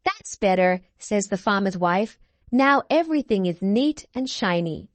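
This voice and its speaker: A woman reads a picture book aloud for small children, unhurried and clear. Her voice sits at a middle pitch, and she lifts it a little for the characters' lines. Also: animated, no echo. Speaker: preschool teacher reading aloud. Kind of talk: children's read-along.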